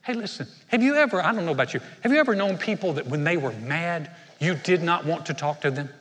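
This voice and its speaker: Bright-voiced preacher in a reverberant hall. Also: male voice, fairly high pitch, quick pace. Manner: animated storytelling, acts out characters. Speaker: pastor. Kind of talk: sermon.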